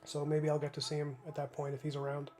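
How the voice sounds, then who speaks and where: A man's voice: on the high side, monotone, quick pace, a little mellow. A man in his thirties streaming live from his home studio as he paints, thinking aloud in a rambling way and answering viewers' chat. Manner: rambling, thinking aloud, many restarts and fillers. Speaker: livestreaming comic artist. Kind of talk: casual livestream chat while painting.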